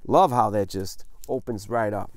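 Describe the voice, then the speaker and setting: A vinyl unboxing vlogger hosts a casual video, his fairly low voice moving at a moderate pace. Effusive and enthusiastic, he keeps saying "man" while showing off a new record.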